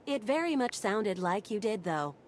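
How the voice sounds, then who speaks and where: A woman voicing a calm, polite female home-assistant AI that repeats its prompts in a video game. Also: medium pitch, moderate pace, a little hiss or hum, close to an everyday voice.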